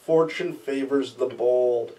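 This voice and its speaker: A man co-hosting a casual podcast chips in with short, dry, teasing remarks. His voice is mellow and dark, at a middle pitch. He sits back from the mic and sounds distant. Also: slow pace. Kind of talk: casual chat.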